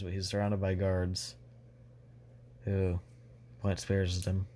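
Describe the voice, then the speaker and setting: A young man casually retelling a fan-made story, rambling and restarting with constant fillers. His voice sits low in pitch. A faint background noise runs under him. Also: completely flat delivery, slow, dark tone.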